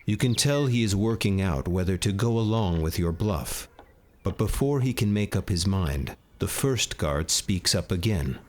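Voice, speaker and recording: A man giving measured second-person scripted narration for a game. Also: sits low, animated, a little hiss or hum.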